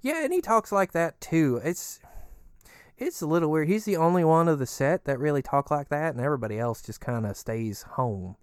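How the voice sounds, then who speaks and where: A man's voice: lively intonation, normal speed, smooth, no echo, clean studio sound, lightly acted. A man playing a rambling, easygoing male resident living inside a giant creature, chatty and crude. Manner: chatty, crude, swinging pitch.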